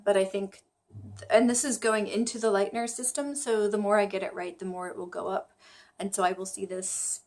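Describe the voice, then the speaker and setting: A woman vlogging about her study habits, chatty and self-deprecating, thinking aloud as she goes. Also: mid-range voice. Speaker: vlogger learning Chinese. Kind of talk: casual vlog talk to camera.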